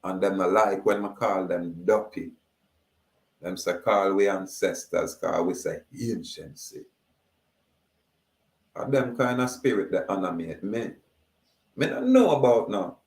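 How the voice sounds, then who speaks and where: A man with a Jamaican accent holds forth in an emphatic monologue, stretching his words as he declaims. His voice sits somewhat low, and he talks very slowly. The recording has a strong room echo. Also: lively intonation, vocal fry. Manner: slow, drawn-out, declaiming. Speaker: speaker.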